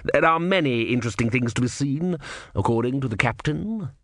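A man voicing a cold, soft-spoken male inquisitor who talks slowly and deliberately, with silky menace. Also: mid-range voice, expressive, no echo, clean studio sound, natural voice. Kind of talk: audiobook character voice.

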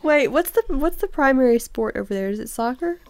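A woman from the United States in casual chat, brash and quick to swear, playing up her outrage. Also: high-pitched, expressive, slight background noise. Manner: brash, swears freely, mock-indignant.

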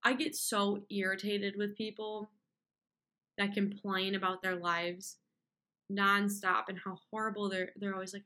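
A woman's voice: mid-range voice, little pitch movement, a little slow, pushed and bright. Candid rambling young woman. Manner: candid, rambling, with frequent fillers and self-interruptions; mocks complainers with whiny put-on voices. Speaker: podcast host. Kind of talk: casual solo monologue.

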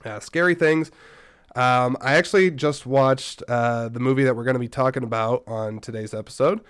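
Tired, rambling podcast host, clear dry voice. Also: male voice, mid-range voice, normal speed, a bit bright, dry recording. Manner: rambling, self-correcting, chatty asides. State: recovering from a stomach bug, a bit tired. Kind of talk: casual solo podcast chat.

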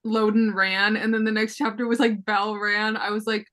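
A young woman chatting casually and dramatically with friends, gushing with quick asides. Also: mid-range voice, little pitch movement, fairly bright tone. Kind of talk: casual fan chat.

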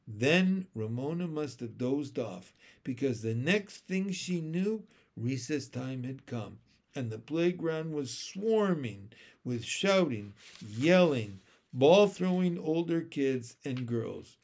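Male narrator for children's book, slow, lively pitch, slightly high. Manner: expressive, unhurried. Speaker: storyteller. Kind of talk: children's book read-aloud.

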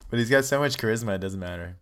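A man's voice: on the low side, racing, clear, resonant tone. A young man co-hosting a podcast, talking bluntly and swearing while discussing a film. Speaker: podcast co-host.

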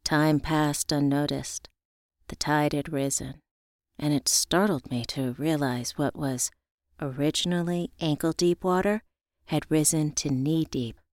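A woman narrating a first-person story in a reflective, measured way. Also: sits low, steady tone, dry recording, clean studio sound.

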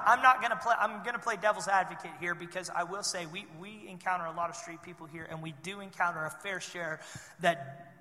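Male pastor, conversational sermon with animated bursts, high, sharp voice, reverberant church hall. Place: church sanctuary.

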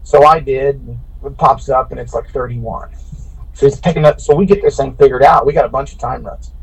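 A man's voice: mid-range voice, a little fast, vocal fry, breathy edge, poor audio. A man from Illinois who races cars, telling a long, rambling story with lots of restarts in casual podcast chat. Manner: animated, rambling anecdote with frequent restarts. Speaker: podcast guest, bracket racer.

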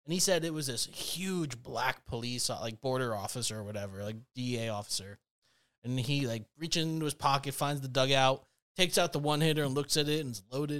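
A man's voice: mid-range voice, brisk, fairly bright tone, clear, resonant tone. A young man casually telling a rambling story on a podcast, full of fillers and laughs. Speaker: podcast co-host.

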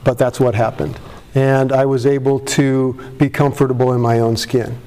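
Candid man, mellow voice. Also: mid-range voice, level tone, normal speed. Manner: candid, self-deprecating, rambling with restarts; voice cracks with emotion. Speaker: speaker at a recovery meeting. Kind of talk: personal recovery talk to a live audience. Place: meeting room before an audience.

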